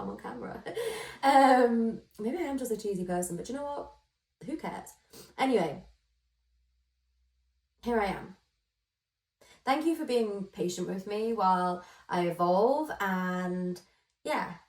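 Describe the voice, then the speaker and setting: A woman's voice: medium pitch, a little mellow, distant mic. A woman hosting a casual solo podcast, chatty and self-deprecating, giggling and rambling through asides. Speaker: podcast host. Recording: roomy echo, voice a bit off-mic.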